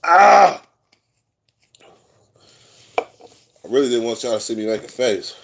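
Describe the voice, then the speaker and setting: A man's voice: lowish voice, little pitch movement, quick pace, noisy background. Profane, rambling man. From California. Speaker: vlogger telling prison stories. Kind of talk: casual storytelling monologue.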